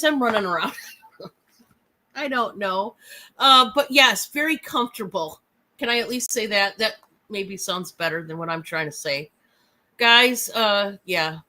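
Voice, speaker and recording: A hoarse woman with a cold, her voice deepened, chatting and gushing as she hosts a live sale. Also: sharp tone. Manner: chatty, laughing, gushing over items. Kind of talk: casual live selling chat.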